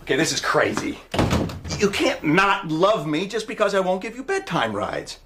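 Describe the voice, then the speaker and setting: Casting: high-strung middle-aged sitcom dad, stammering and emotional, voice leaping up and down. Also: male voice, very animated, normal speed, noisy background. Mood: exasperated. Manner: stammering, emotional, swings into loud outbursts. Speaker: father. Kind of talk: sitcom acting.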